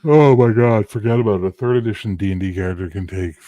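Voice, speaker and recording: A tired man chatting casually as co-host, swearing and joking with big swings in loudness. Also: fairly low pitch, fast, no room sound, muffled recording. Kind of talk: casual chat.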